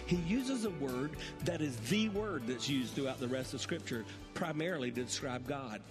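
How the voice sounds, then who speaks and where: A man's voice: mid-range voice, expressive, moderate pace, big-room sound, over music. A male pastor preaching a sermon, building in intensity and putting rhetorical questions to his congregation.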